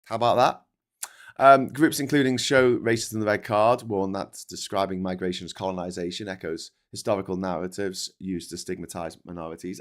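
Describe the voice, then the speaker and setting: A man's voice: sits low, steady tone, a little fast. Brief Middle-aged Scouse male streamer, rambling, sarcastic, swears, lots of false starts. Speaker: host of a livestream news chat. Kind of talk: casual livestream commentary reading super chats.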